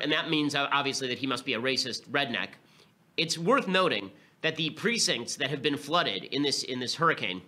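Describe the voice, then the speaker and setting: Sharp-voiced man, rapid scornful commentary. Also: a little high. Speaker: podcast host. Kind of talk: political commentary monologue.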